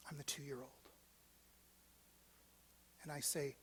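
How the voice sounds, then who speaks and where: A male pastor telling a story in a sermon, moving from hushed, almost whispered lines to loud, animated ones. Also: sits high, unhurried. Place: church sanctuary. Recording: long church hall reverb.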